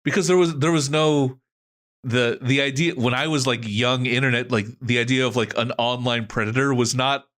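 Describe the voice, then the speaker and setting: A man's voice: mid-range voice, steady tone, normal speed, a bit bright. A man who is a guest on a casual podcast, talking in a playful, teasing, chatty way.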